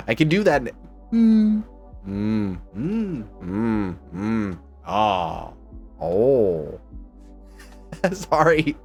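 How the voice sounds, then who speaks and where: A man chatting casually on a home live stream, rambling and excitable as he jumps from topic to topic. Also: fairly low pitch, very slow, long pauses, faint music behind. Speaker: VTuber streamer.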